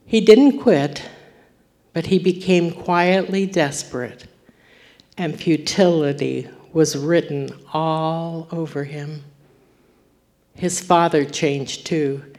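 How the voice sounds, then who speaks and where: A woman preacher telling a moving story in a sermon, swinging from forceful to near-whispered. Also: fairly low pitch.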